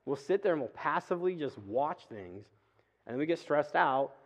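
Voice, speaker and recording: A man's voice: a little high, expressive. Chatty man preaching in a reverberant hall. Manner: chatty, acts out quick asides and voices. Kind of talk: casual conversational sermon. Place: church. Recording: reverberant hall, dull lo-fi sound.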